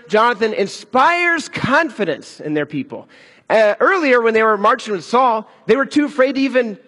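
A man preaching a sermon in an animated, conversational way. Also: high voice, breathy edge, big-room sound. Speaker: pastor.

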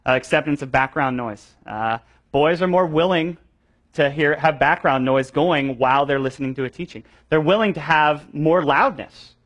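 A young man leading a training session for children's ministry teachers, animated and conversational, with many fillers and restarts. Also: fairly high pitch. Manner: acts out voices of students for effect.

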